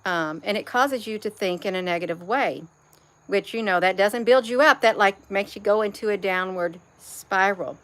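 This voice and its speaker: A woman's voice: medium pitch, normal speed, fairly bright tone. A woman talking to her viewers in a loose spiritual monologue, repeating her phrases and saying "you all" to the viewers. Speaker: vlogger.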